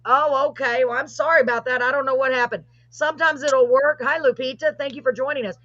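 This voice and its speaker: Chatty lady hosting a live stream, kinda high voice, dull dry call audio. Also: steady tone, brisk, fairly bright tone, no room sound. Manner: chatty, apologetic, gushing. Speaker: host. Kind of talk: live call-in show chat.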